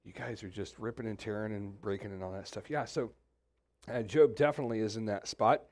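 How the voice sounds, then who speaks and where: Animated pastor preaching. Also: male voice, fairly low pitch, fairly quick. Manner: animated, conversational, talks straight to the congregation. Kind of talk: sermon. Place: church sanctuary.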